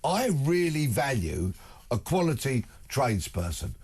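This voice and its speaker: A husky-voiced man holds forth as a guest on a studio talk show. His pitch swings widely as he presses each point, and he piles up examples in long, insistent lists. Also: very animated, a little slow, darkish tone. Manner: emphatic, builds long spoken lists. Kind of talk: talk radio discussion. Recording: broadcast studio.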